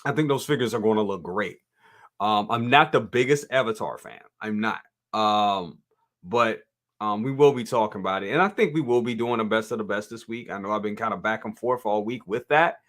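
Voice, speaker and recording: Pitched fairly low, he talks fairly quickly with a fairly bright tone. He runs a live toy review stream, addressing viewers straight on in a casual way, reading out their comments, often repeating himself and laughing readily.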